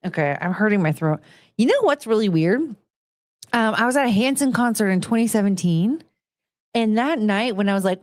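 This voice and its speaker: A woman's voice: mid-range voice, expressive, normal speed, a little mellow, dry recording. A woman in her thirties hosting a casual chat podcast, chatty and giggly, rambling with plenty of fillers. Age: 30s. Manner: giggly, chatty, frequent laughter. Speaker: podcast host.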